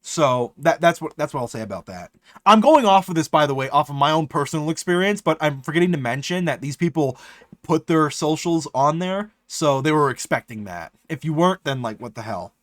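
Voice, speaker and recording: A man's voice: fairly high pitch, expressive, fairly quick, no echo, clean studio sound. Swearing, rambling male streamer. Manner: rambling, swears a lot, frequent restarts. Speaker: live streamer. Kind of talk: casual live-stream chat.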